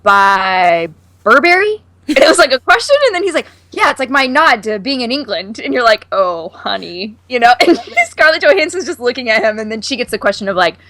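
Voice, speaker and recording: A young woman co-hosting a casual podcast, lively and playful as she chats. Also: sits high, fast, hardly any pauses, no room sound. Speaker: podcast co-host. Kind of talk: casual chat.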